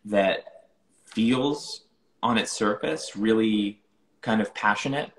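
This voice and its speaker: A young man with a lowish voice talks loosely through his thoughts in a casual interview. He keeps restarting sentences and leaning on filler words. The room around him has a noticeable echo. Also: slow pace. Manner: rambling, many "like" fillers and restarts. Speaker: musician being interviewed.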